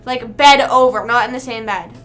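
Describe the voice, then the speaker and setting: A woman's voice: on the high side, normal speed, over loud music. A young woman livestreaming, rambling casually with lots of "like" fillers as she chats to her viewers. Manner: rambling, chatty, full of "like" fillers.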